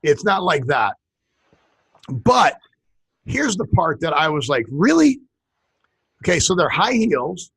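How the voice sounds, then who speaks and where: A man co-hosting a casual talk show, telling stories in a rambling, animated way. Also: a little high, normal speed, hardly any pauses, slightly rough. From western United States. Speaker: podcast co-host. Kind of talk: casual chat.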